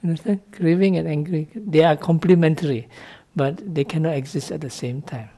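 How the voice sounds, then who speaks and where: This monk talks fairly quickly in a warm, fairly high voice. Addressing students on the dharma in loose, non-native English, he teaches in a playful way, asking "no?" again and again and laughing lightly.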